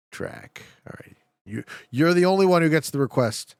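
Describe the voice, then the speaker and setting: Streaming a game live, this Canadian guy swears freely, jokes with his viewers, and gets excitable over his guesses. His voice sits a little high with a gravelly yet clean tone at a moderate pace, recorded dry in studio quality.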